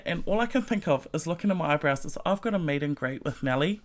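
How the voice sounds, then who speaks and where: A woman's voice: low voice, normal speed. A woman in her forties telling a story in a casual vlog, swearing freely and often breaking into laughter. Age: 40s. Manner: profane, laughing, animated storytelling. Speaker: vlogger.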